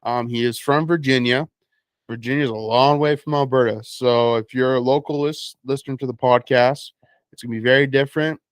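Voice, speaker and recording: A man's voice: mid-range voice, steady tone, brisk, dry recording. A young Canadian man co-hosting a podcast, asking questions in an easygoing, joking way. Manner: easygoing, joking interviewer with frequent agreement. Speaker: podcast co-host. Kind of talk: casual chat.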